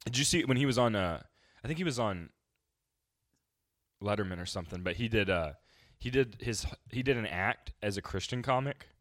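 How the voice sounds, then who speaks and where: A man with a low voice that swings widely in pitch trades teasing, crude jokes as a podcast co-host. The recording is dry and close, with no room sound. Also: animated, moderate pace, pauses often, a bit bright, no echo. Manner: teasing, crude jokes, retells comedy bits. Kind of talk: casual podcast banter.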